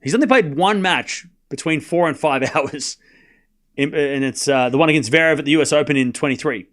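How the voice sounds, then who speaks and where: A man with a high voice calls a tennis match live for his stream. He is up late at night, trades quick banter with his viewers and rattles off each score as it comes. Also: a bit bright. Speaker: livestream tennis commentator. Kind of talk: casual play-by-play commentary and chat replies.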